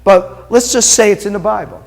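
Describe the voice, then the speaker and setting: His voice sits high and sounds gravelly, at an ordinary speed. He's a middle-aged rabbi giving a Hebrew class lecture, patiently repeating words aloud while asking his students questions.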